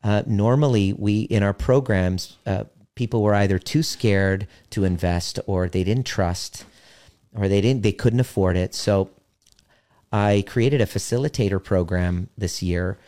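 Casting note: low-voiced male coach, blunt and earnest, slows to land key points. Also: mellow. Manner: blunt, earnest, swears for emphasis. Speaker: relationship coach. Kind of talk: motivational talk to listeners.

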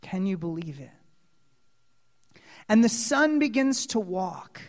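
This man preaches a sermon built around a story, dramatically shifting between quiet asides and loud outbursts while questioning the audience. His high, sing-song voice moves at a slow pace, and the hall carries a long reverb.

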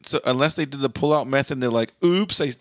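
A man's voice: medium pitch, steady tone, fast talker, fairly bright tone, no room sound, clean studio sound. A man co-hosting a casual comedy podcast, joking around and reading mock news stories. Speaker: podcast co-host.

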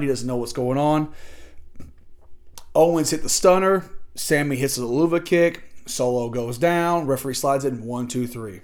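A man recapping wrestling matches in a casual, excitable way, with a voice of middling pitch. He jumps into quick impressions of the wrestlers and the commentators as he tells the story. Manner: excitable, acts out the wrestlers' lines. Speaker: wrestling podcast host.

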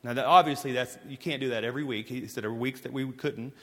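A man preaching a sermon as pastor, telling stories emphatically and moving between forceful lines and hushed ones. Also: medium pitch, fast talker. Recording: long hall reverb.

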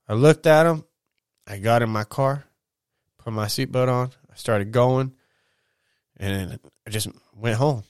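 A man with a smooth, resonant voice rambles through a casual solo podcast. He is loose and profane and tells stories with plenty of slang. The sound is dry and close to the mic, with no room around it. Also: mid-range voice, steady tone, moderate pace, no room sound. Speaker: podcast host.

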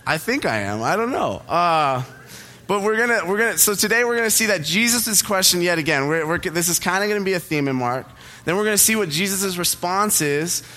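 A man's voice: sits high, a little fast, pushed and bright. A young man preaching a casual sermon in a church, chatty and self-deprecating, telling a story about himself. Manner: chatty, self-deprecating, laughs at own jokes. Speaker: pastor. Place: church auditorium.

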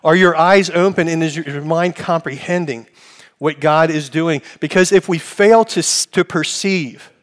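A man preaches a sermon in a voice pitched a little high, putting question after question to his listeners. His words ring out with the long reverb of a large church sanctuary. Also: unhurried. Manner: preaching with call-and-response questions. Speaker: pastor.

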